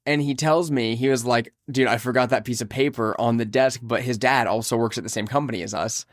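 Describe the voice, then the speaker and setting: A young man co-hosting a podcast, casually telling a story in an animated way while sick and feeling weak. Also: medium pitch, brisk, dry recording, clean studio sound. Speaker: podcast co-host. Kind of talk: casual chat.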